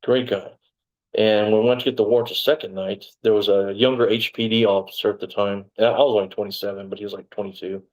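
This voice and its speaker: A man's voice: fairly low pitch, little pitch movement, fast, darkish tone, low-quality recording. A man from Texas, a former police officer telling his story in a casual interview, rambling and digressive with lots of "you know".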